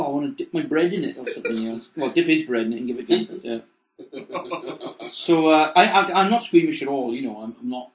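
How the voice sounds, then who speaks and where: Guy rambling on a chatty podcast, lots of restarts, echoey room. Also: medium pitch. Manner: rambling, halting, self-correcting. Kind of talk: casual comedic chat. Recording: roomy echo.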